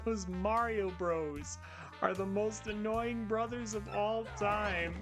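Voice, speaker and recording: A loud, boastful turtle king villain, played by a man pushing his voice up high. He gets enraged with little push, and game music runs underneath. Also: big pitch swings, measured pace. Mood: furious. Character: blustering giant male turtle king villain. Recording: game music playing behind.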